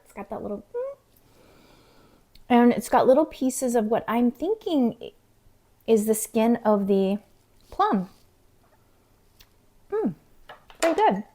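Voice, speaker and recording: A middle-aged woman chatting casually to camera in her home kitchen, talking to herself and dropping into soft whispered asides. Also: on the high side. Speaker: vlogger.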